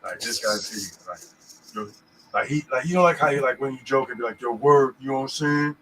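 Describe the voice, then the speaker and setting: A man's voice: mid-range voice, quick pace, background noise. A man co-hosting a casual podcast about scripture, rambling and checking in with "you know what I'm saying". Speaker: podcast host.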